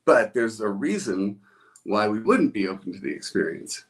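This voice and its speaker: A man's voice: fairly low pitch, very animated, moderate pace. A man hosting a live stream from a room at home, chatting in a rambling way and greeting viewers by name. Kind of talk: casual live-stream chat.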